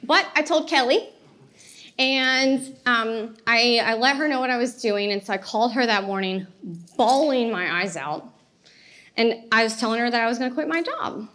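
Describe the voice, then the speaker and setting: A woman, giving a motivational talk and telling her story in an animated way with laughter. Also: fairly high pitch, normal speed. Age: 30s. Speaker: speaker.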